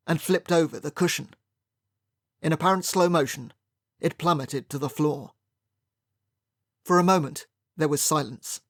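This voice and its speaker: An audiobook narrator reading a first-person period mystery in a wry, measured storytelling manner. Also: medium pitch, no room sound, clean studio sound.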